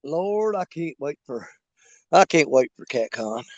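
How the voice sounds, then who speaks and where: High-voiced fishing streamer. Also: male voice, very animated, measured pace, no room sound, muffled recording. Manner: folksy, joking, rambling with fillers. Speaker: fishing livestream host. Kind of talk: casual live chat while bank fishing. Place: outdoors on a riverbank at dusk.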